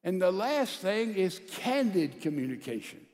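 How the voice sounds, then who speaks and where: A male pastor preaching a sermon to a large church congregation, calling out to the crowd and swinging between loud and soft. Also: high voice, expressive, a little slow, big-room sound. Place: large church sanctuary with a balcony.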